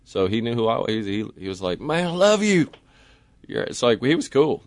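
A radio host telling a funny story in a casual, animated way, acting out the people in it with big jumps in his voice. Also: on the low side, fast talker, no room sound.

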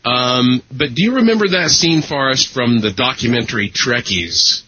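Host, male: husky, forceful delivery, rambling, joking chat, dull lo-fi recording. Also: medium pitch, expressive, moderate pace, dry recording. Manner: rambling with fillers and self-deprecating humor. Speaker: podcast host. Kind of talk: casual chat.

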